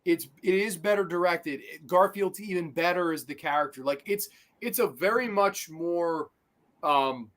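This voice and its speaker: A man's voice: sits high, a little slow. A man hosting a casual podcast about films, talking animatedly, swearing often and acting out scenes. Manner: animated, swearing, acts out quotes. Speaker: podcast host. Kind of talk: casual film discussion.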